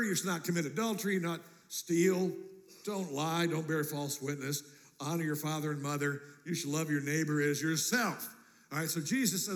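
A man preaching a sermon as pastor, animated and jokey, acting out quotes in a church. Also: a little high, normal speed. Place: church sanctuary. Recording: long church reverb.

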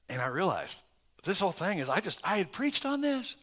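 A man's voice: high voice, very animated, brisk. Emphatic middle-aged male preacher. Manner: emphatic, swings between loud stresses and soft asides; preaches in lists with chuckles. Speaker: pastor. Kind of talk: sermon.

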